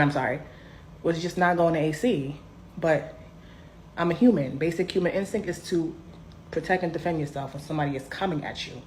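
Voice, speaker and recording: A young woman telling a personal story in a casual, animated, sassy way. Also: low-pitched, fairly quick, slight background noise. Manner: animated, sassy, emphatic swings.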